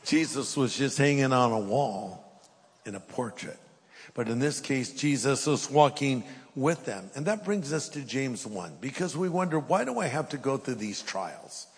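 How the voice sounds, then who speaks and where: A man's voice: medium pitch, lively intonation, a little slow, husky, long reverb tail. A middle-aged man preaching a sermon, reading scripture aloud and then pressing his points with emphasis. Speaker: pastor.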